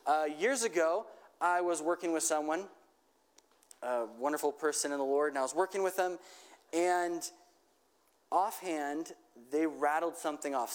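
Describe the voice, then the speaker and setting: Man preaching in a conversational way. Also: a little high. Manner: conversational preaching with frequent check-ins. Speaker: pastor. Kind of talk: sermon.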